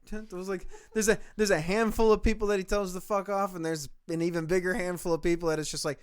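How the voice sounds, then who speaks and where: A man co-hosting a casual podcast, talking in an animated, profane, storytelling way. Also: sits high, fast talker, hardly any pauses, clear, resonant tone. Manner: animated, swearing, prone to impressions. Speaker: podcast co-host. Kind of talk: casual chat.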